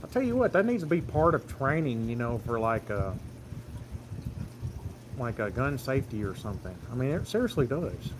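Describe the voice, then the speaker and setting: A man's voice: medium pitch, sing-song, normal speed, noisy background. A man, telling a rambling, plain-spoken farm story on a phone livestream. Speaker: farm vlogger. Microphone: phone camera.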